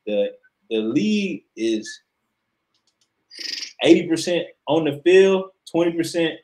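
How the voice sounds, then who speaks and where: A man's voice: a little high, expressive, slow pace, a little mellow, a little hiss or hum, poor audio. A man co-hosting a sports podcast, talking in a casual, emphatic and profane way as he argues his opinion. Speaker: podcast co-host.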